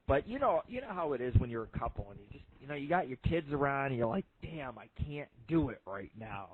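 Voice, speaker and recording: A man hosting an internet radio show, telling crude jokes in a rambling, profane monologue full of fillers. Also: medium pitch. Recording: phone-like lo-fi line.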